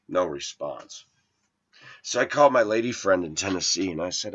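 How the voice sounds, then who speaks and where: A man's voice: low-pitched, animated, normal speed, a bit bright, lo-fi sound. A man telling a personal dating story to his viewers, aggrieved and quoting texts and calls word for word. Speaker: video blogger.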